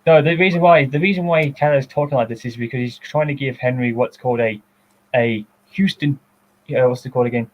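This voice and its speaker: A man's voice: medium pitch, a little fast. A man gives casual director's commentary on a reaction video. He is chatty and fumbles for words, and his voice comes through dull and lo-fi. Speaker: guest giving director's commentary.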